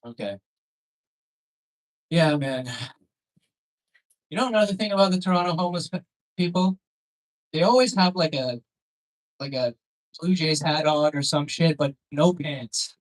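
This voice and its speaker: A man's voice: fairly high pitch, a little slow, long pauses, poor audio. A young man doing a crude, rambling stand-up set with crowd work on a comedy club stage, on a handheld mic.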